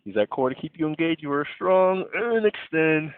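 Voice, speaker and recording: A man leading an online yoga class, gently cueing breaths and poses in a playful way. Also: fairly high pitch, animated, moderate pace, smooth, no echo. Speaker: yoga instructor. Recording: tinny phone-like audio, dry.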